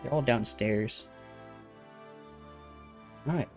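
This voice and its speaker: A man streaming a game from home, chatting in a soft-spoken, chill, self-deprecating way. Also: medium pitch, drawn-out words, gravelly, faint music behind. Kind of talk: casual chat while gaming. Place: home room with rain on the ceiling.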